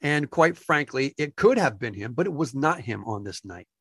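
A man's voice: mid-range voice, moderate pace, husky, no echo, studio quality. A man in his fifties from New Jersey, a music industry insider telling a casual anecdote and acting out the quotes. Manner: animated storyteller acting out quotes.

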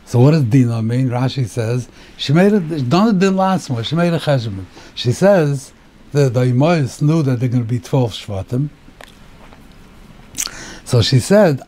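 A rabbi giving a Torah class on the weekly portion, explaining the text step by step, asking rhetorical questions and mixing in Hebrew terms. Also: male voice, mid-range voice, expressive, a little slow, dark tone.

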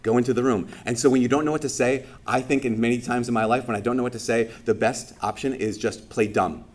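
Animated male priest telling a story. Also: medium pitch, fast. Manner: animated, acts out dialogue with self-deprecating humor. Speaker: Catholic priest. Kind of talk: sermon with personal storytelling.

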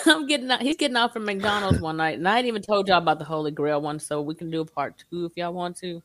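A woman, a guest telling her story in a casual, animated way. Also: fairly low pitch, fast talker, no room sound.

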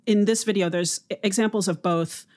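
A woman linguist explaining speech features in a measured, academic interview manner. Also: mid-range voice, fairly even intonation, a little mellow. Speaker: linguist guest.

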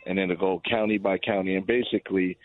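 Low low voice guy calling in, kinda rambling, phone line sound, dry. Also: fairly even intonation, quick pace. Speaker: caller. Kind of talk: call-in radio talk.

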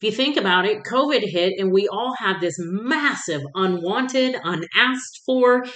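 A woman's voice: medium pitch, animated, measured pace, a bit bright. A woman hosting her own podcast, talking candidly in a casual monologue, swearing freely and telling stories with energy. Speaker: podcast host. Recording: echoey room.

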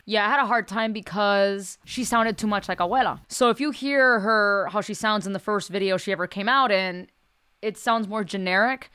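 A woman sketch comedian talks candidly and bluntly about her characters, swearing freely. Her voice is smooth and clear, sits at a middle pitch, and is recorded dry and close. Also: moderate pace, sharp tone, no room sound. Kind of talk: casual podcast conversation.

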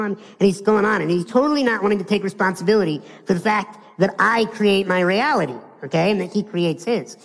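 A man from the United States giving a live motivational speech to an audience. He is playful and animated, and he acts out other people's lines. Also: high-pitched, brisk, vocal fry, few pauses. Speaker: motivational speaker. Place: large hall before an audience. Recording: long hall reverb.

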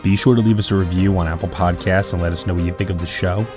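A man hosting a podcast, reading a measured, thankful outro. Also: low voice, steady tone, music in the background. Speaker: podcast host. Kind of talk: scripted outro.

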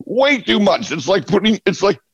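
A man talking as a podcast guest in casual chat, animated and laughing often, acting out bits of dialogue. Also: high voice, moderate pace, creaky, husky, no echo, highs cut off. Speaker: interview guest.

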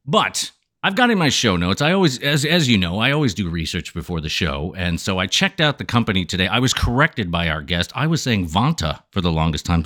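A man hosting a podcast with a smooth voice and a playful, showy manner, joking with his listeners. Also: low voice, big pitch swings, brisk, pushed and bright. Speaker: podcast host.

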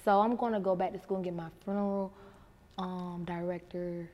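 Animated Miami woman in a reverberant hall. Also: lowish voice, moderate pace. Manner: animated storyteller acting out quotes. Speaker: interview guest. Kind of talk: casual interview chat.

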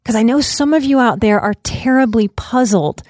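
A woman's voice: on the high side, normal speed, darkish tone, dry recording. Female podcast host, therapist type, earnest and reflective, dry close mic. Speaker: podcast host, life coach and psychotherapist. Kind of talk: solo podcast monologue.

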